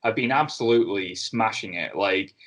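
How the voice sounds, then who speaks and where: A man with a fairly low voice hosts a casual interview over a video call. He is chatty and friendly, and leads into each question at length. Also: moderate pace, fairly bright tone. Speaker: podcast host and interviewer.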